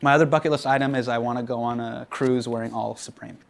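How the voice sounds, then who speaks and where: Speaking fast with a medium pitch and some vocal fry, this man hosts a comedy show and answers questions from a live studio audience. His manner is lively: he laughs a lot and performs quotes as he tells them. Audience and background noise are loud throughout.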